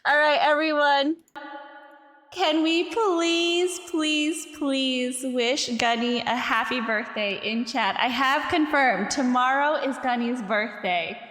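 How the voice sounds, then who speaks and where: A young woman streamer chatting casually with her viewers, giggly, easily distracted and quick to apologize. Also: high voice, fairly bright tone.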